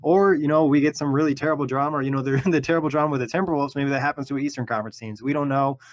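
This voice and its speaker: A man hosting a casual sports podcast, easygoing and quick to laugh. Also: mid-range voice, steady tone. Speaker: podcast host.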